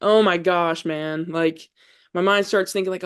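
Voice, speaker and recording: A college volleyball player in her young adult years, guesting on a podcast, speaks a little fast with a fairly low, steady, clear and resonant voice. She talks earnestly about her faith in a casual way, using "like" heavily.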